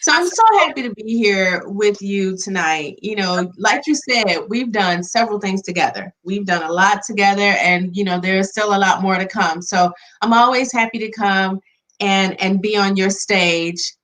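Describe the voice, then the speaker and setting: A woman's voice: medium pitch, normal speed, fairly bright tone, rough recording. A woman relationship coach, a guest on a show, speaking in an upbeat, confident way. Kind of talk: casual interview chat.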